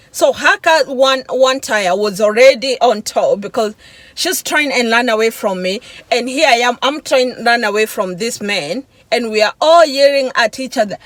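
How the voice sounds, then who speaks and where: A woman vlogger telling an emotional personal testimony, halting and searching for words, with sighs and restarts. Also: fairly high pitch, a bit bright, no echo, poor audio. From Africa.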